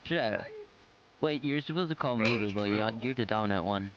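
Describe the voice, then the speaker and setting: A man jokes and teases in casual talk, his pitch swinging widely. The sound is dull and lo-fi, with a crowd of voices chattering behind him. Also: animated, moderate pace. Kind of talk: casual chat.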